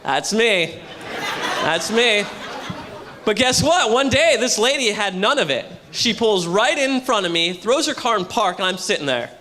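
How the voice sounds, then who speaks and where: A young man doing a brash stand-up comedy set with loud crowd work at a hotel show. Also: high voice, animated, normal speed, few pauses. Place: hotel comedy show before a live audience. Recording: live room with audience.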